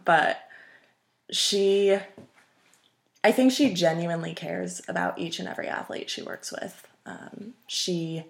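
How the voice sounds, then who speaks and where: A woman's voice: fairly low pitch, vocal fry, fairly bright tone. A woman in her twenties, a runner guest on a podcast, chatting casually and rambling with many ums and restarts. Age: 20s. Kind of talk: casual interview chat.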